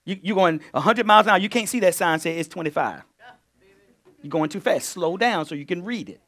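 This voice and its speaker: Pastor, male, high-voiced and highly animated, preaching a sermon with loud peaks and low asides. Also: a little fast. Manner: call-and-response preaching, swings between loud bursts and low asides.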